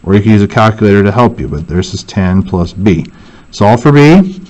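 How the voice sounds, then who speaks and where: A man's voice: lowish voice, animated, normal speed, darkish tone, highs cut off. A male teacher walking through a worksheet and thinking aloud, correcting himself as he goes. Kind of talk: worksheet walkthrough lesson.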